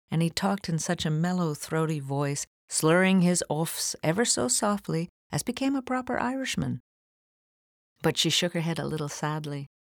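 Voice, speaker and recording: A woman narrating a classic novel in a measured, unhurried reading. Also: low-pitched, dry recording, clean studio sound. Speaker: audiobook narrator. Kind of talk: storybook narration.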